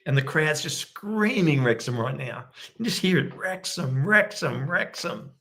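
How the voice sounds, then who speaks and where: A man giving excitable live play-by-play commentary as a fan watchalong host, keeping his voice down at home late at night. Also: on the high side, normal speed. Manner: excitable, bursts into loud cheering; kept quiet since it is night at home. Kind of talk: live match commentary for viewers.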